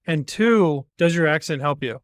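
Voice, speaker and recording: An American man hosting an interview, asking drawn-out questions and joking about himself. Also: fairly high pitch, expressive, no room sound, studio quality. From United States. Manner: asks drawn-out questions, jokes self-deprecatingly. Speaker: podcast host. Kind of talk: conversational interview.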